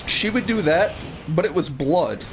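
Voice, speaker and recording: A man tells a meandering story on a game stream, cursing casually and restarting his sentences. His voice sits slightly higher than most men's, with a faint background hiss. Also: lively intonation, unhurried, rough recording. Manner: rambling, swears freely, restarts sentences. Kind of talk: casual storytelling while gaming.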